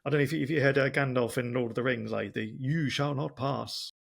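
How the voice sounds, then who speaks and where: A man with an Oxford English accent hosting a podcast interview, speaking deliberately and carefully as he tries to keep a slow, clear pace. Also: mid-range voice, steady tone. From England. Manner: deliberate, careful pacing, works to speak slowly. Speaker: podcast host. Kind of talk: casual interview chat.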